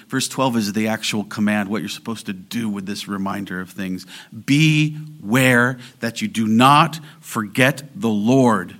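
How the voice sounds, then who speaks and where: A man preaching a sermon as pastor, moving between quiet explanation and loud, emphatic exhortation. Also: mid-range voice.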